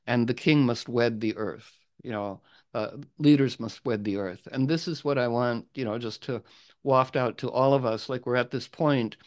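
A man's voice: mid-range voice, moderate pace. A man telling an old legend aloud in a casual, rambling way with asides. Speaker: storyteller. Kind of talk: oral storytelling.

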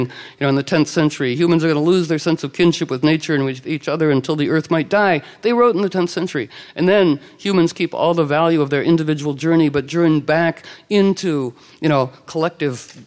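Lively man telling a legend aloud. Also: on the high side. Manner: lively, conversational, with quick asides and quoted character voices. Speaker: storyteller. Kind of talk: oral storytelling to a live audience.

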